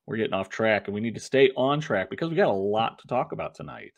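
A middle-aged man co-hosts a casual podcast in an animated, teasing way. His voice sits at an average pitch but moves up and down a lot as he banters. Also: quick pace, vocal fry, no echo, dull audio. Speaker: podcast co-host. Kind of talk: casual chat.

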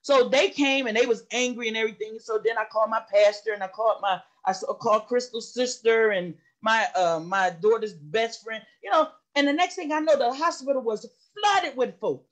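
High-voiced woman giving impassioned testimony. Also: a little fast, few pauses. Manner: impassioned, repetitive storytelling. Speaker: study session participant. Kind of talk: personal testimony.

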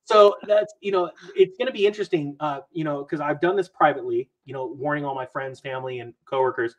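A man talking about money and markets as a podcast guest in a rambling, animated way, acting out what other people say. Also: on the high side, quick pace, highs cut off. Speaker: guest investor commentator. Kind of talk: casual podcast chat.

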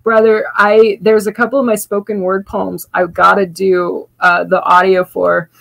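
A chatty woman raised in Louisiana signs off a livestream in a loose, rambling way. She trips over her words and restarts often, and laughs easily. Her voice sits at an ordinary middle pitch. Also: level tone, normal speed, creaky, a bit bright, poor audio. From Louisiana, US South. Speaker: livestream host and spoken-word poet. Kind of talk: casual livestream sign-off.

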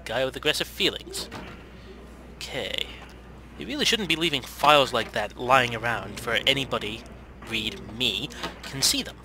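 A man's voice: mid-range voice, lively intonation, normal speed, sharp tone, a little hiss or hum. A man hosting a let's play, giving casual, wry gameplay commentary and muttering to himself.

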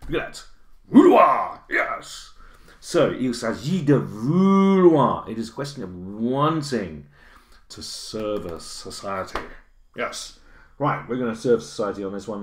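A man teaching a recorded French lesson, chatty and encouraging, correcting himself as he types and checking in with "okay?". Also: fairly low pitch. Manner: self-correcting, thinking aloud as he types. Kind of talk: recorded online lesson with on-screen notes. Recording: echoey room.

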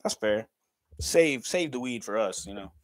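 A man's voice: fairly low pitch, animated, a little slow, dry recording, clean studio sound. A man in his thirties chatting casually on a livestream, laughing often, swearing freely and talking straight to his viewers. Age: 30s.

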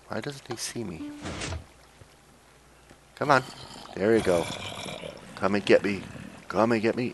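A young man with a gravelly, low voice talks through a game in a loose, joking commentary, coaxing and cajoling the characters. A faint hiss sits under the recording. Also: animated, a little slow, pauses often. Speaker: let's play gamer. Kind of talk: casual gameplay commentary.

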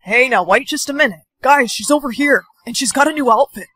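A woman's voice: high-pitched, expressive, brisk, pushed and bright. A young woman acting in a short skit, talking playfully and teasingly. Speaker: skit actor. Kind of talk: acted short-video skit.

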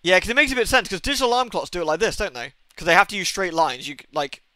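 A young man chats loosely to his viewers while playing a game, with frequent cursing and exasperated tangents. His voice sits a little high for a man and sounds bright and crisp. It is recorded dry and close, with faint game music underneath. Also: sing-song, racing, dry recording. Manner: swears often, rambling and exasperated, talks to chat. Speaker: streamer. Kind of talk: casual live-stream chat while gaming.

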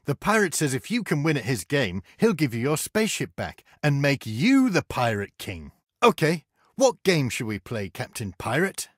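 A man's voice: medium pitch, big pitch swings, normal speed, breathy edge, no room sound, studio quality. A man narrating a children's educational game in a cheerful, encouraging way, speaking to the child. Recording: noisy game audio.

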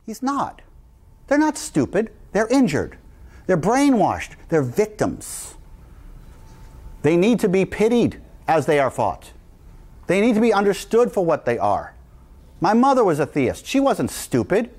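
A man's voice: sits high, wildly swooping pitch, measured pace, pauses often, darkish tone. A middle-aged man from New Jersey giving a public talk to a live audience, emphatic and repetitive as he hammers his points home. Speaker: guest speaker.

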